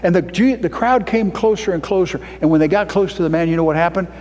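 A man preaching a sermon, emphatic, with his voice climbing to loud high peaks. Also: fast talker, big-room sound.

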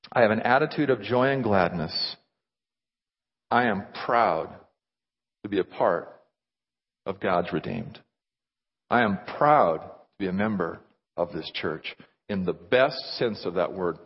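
A man preaching a sermon as pastor, acting out little dialogues in an animated way. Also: lowish voice, measured pace, long pauses, slightly rough, in a large hall, muffled recording.

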